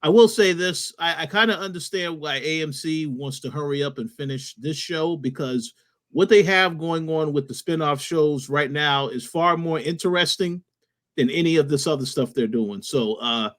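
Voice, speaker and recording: A man co-hosts a podcast in a calm, measured way. His voice sits a little higher than most men's, and he often pauses with small hesitations as he talks. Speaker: podcast co-host. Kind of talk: casual podcast discussion.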